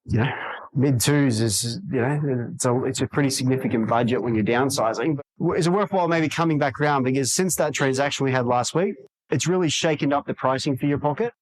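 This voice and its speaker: A man's voice: mid-range voice, a little fast, poor audio. A man in a podcast interview, talking energetically and acting out quoted dialogue in other voices. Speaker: real estate agent guest.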